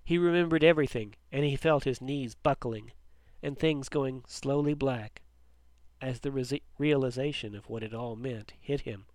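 A man reading a story aloud in a steady, measured way. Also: mid-range voice, no echo. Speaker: narrator.

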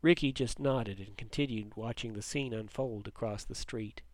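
A man reading a story aloud in a steady, measured way. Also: lowish voice, dry recording. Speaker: narrator.

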